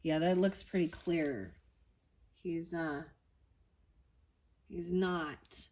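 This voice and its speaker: A woman's voice: on the low side, steady tone, very slow, pauses often, a little mellow. A woman giving a casual tarot reading, talking bluntly and getting heated, with swearing and many restarts. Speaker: tarot reader.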